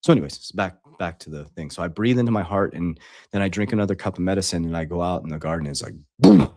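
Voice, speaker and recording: A middle-aged coach talks straight to his followers in a very deep voice, blunt and profane, circling back and restarting as he goes. The sound is dry and close. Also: fast talker, darkish tone, no room sound. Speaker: online coach. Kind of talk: casual storytelling to followers.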